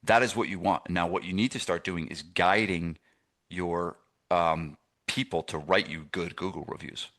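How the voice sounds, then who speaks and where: A man's voice: low voice, steady tone, normal speed, a bit bright. A middle-aged man from New Jersey coaching gym owners through a live masterclass, rambling and conversational with many fillers and restarts. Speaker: fitness business coach.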